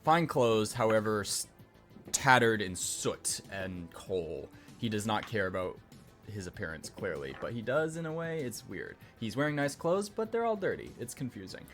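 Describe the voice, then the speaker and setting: A man narrating as game master of a tabletop game, relaxed and chatty with frequent laughs. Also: on the low side, normal speed, soft background music.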